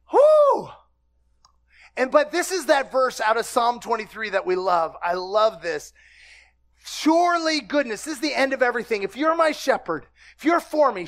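A pastor with a very high voice preaches to his congregation in a lively, humorous way. He poses questions to his listeners and bursts into laughter and shouted exclamations.

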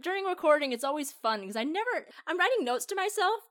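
Fast-talking podcast lady, animated, swears a lot, laughs a bunch. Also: very high-pitched. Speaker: podcast co-host. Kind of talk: casual chat.

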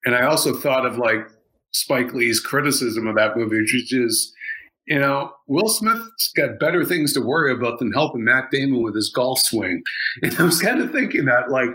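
A man chatting casually on a podcast, his voice bright and forceful. He rambles, circling his points with plenty of fillers and restarts. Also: mid-range voice, lively intonation, moderate pace, rough recording. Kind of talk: casual chat.

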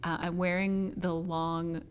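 A woman's voice: fairly low pitch, little pitch movement, slow, a little hiss or hum. A woman co-hosting a casual podcast chat, talking in a rambling way with lots of asides. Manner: chatty, rambling with fillers and asides. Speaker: podcast co-host.

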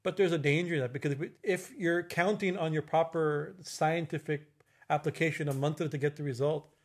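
A middle-aged man with a fairly high, evenly pitched voice teaches informally on spiritual matters. He hesitates a lot, restarts sentences, uses many fillers, and frequently tags on "right?".

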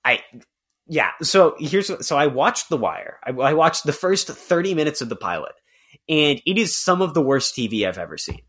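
A man's voice: fairly high pitch, big pitch swings, normal speed, a bit bright, breathy edge. A young man co-hosting a podcast, chatting casually with a sarcastic edge, laughing often and mimicking voices. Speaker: podcast co-host. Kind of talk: casual chat.

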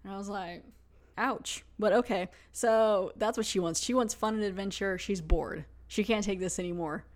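A woman's voice: mid-range voice, normal speed, few pauses, darkish tone. A woman hosting a podcast, recapping a TV episode in a chatty, casual way full of fillers. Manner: chatty, lots of "like". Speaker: podcast host.

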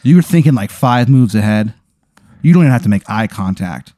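A man telling an improvised comic story in a rambling, deadpan way, full of fillers. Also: on the low side, a little fast, no echo, studio quality.

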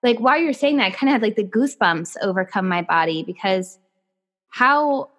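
A woman's voice: mid-range voice, lively intonation, brisk, fairly bright tone. A woman hosting a podcast, chatting casually and enthusiastically with her guest. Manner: enthusiastic, gushing. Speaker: podcast host. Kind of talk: casual interview chat.

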